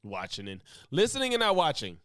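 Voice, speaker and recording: A man's voice: on the high side, huge pitch swings, fairly quick, fairly bright tone, dry recording, clean studio sound. A man co-hosting a casual chat, blunt and profane, cutting in with short remarks.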